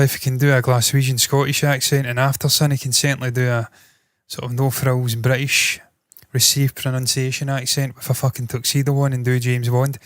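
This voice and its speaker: A man's voice: medium pitch, dry recording, clean studio sound. A man hosting entertainment news, giving blunt, opinionated commentary with frequent swearing.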